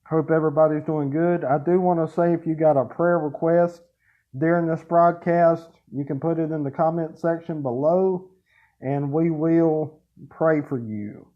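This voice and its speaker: Male host, friendly and casual, a bit high-pitched, muffled stream sound. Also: steady tone, unhurried. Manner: friendly, says buddy and sir. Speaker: show host. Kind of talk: casual interview hosting.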